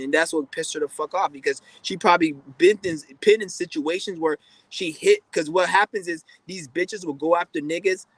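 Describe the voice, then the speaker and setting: Blunt, high-voiced man ranting. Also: fairly bright tone, no echo, low-quality recording. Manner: blunt, profane, rambling with restarts. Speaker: podcast host. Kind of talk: casual monologue.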